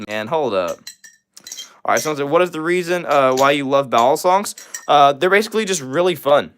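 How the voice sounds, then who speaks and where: A young man from Missouri hosting a livestream, rapidly reading and answering viewer comments with lots of fillers. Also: medium pitch, slight background noise. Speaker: livestream host. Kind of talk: fast live chat reading.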